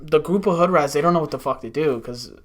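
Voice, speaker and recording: This podcast guest is a young man who talks fast in a slightly high voice. In casual chat he spins wild work stories, cursing a lot and performing other people's lines with lots of energy.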